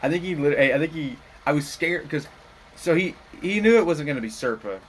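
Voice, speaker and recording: A man's voice: on the high side, expressive, a little fast, a little hiss or hum, poor audio. A young man co-hosting a casual podcast, telling stories with a laugh and acting out quotes. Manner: laughs often, storytelling with put-on quotes. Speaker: podcast co-host. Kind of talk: casual chat.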